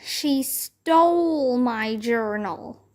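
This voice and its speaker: A woman voicing a feisty, bossy little first-grade girl who protests loudly and indignantly in a children's book read-aloud. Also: a little high, lively intonation, drawn-out words. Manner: indignant, loud, stamping protests.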